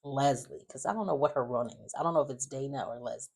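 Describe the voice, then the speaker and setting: A chatty host casually recapping the week's soap episodes. The delivery is loose and opinionated, with plenty of fillers and quick asides. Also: mid-range voice, vocal fry, a little mellow, husky.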